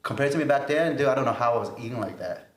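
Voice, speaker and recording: A man in his twenties telling a story on a casual podcast, animated and laughing often. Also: mid-range voice, racing, roomy sound. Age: 20s. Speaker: podcast co-host.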